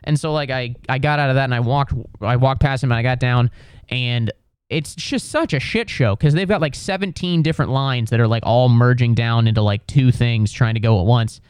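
A young American man tells a comedic story in a rambling, sarcastic way, full of fillers and restarts. His smooth, medium-pitched voice has a darkish tone and moves a little fast. The podcast mic sound is close and dry, with no echo.

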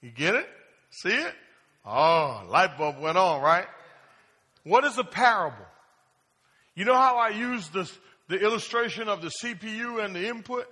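A male pastor preaches with a high, lively voice that swoops up and down. His tone is bright and a little husky. He keeps calling out questions to the congregation, and his words ring through a big church hall with a long reverb. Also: unhurried, pauses often. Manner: call-and-response preaching, asks the congregation questions; plain-spoken, acts out casual prayers. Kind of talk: sermon. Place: church sanctuary.

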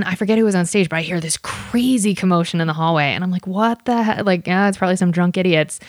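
A woman hosting a casual interview conversation, chatty and animated, often laughing as she tells stories. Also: medium pitch, no room sound, studio quality.

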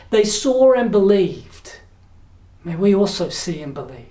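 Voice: medium pitch, darkish tone. A pastor preaching a sermon in an earnest, direct way, often putting challenging questions to the congregation.

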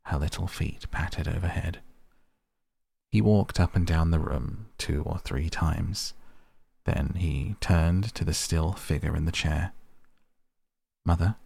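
A man reads a classic novel aloud, measured and even. His voice sits very low with a gravelly edge, recorded dry and close. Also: no echo. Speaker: narrator. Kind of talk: audiobook reading.

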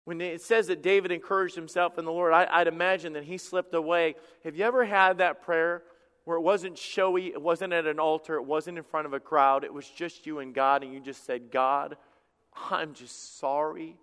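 A man preaching a sermon as pastor, impassioned, swinging from loud outbursts to hushed lines. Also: fairly high pitch, steady tone, a little fast, clean tone. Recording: long hall reverb.

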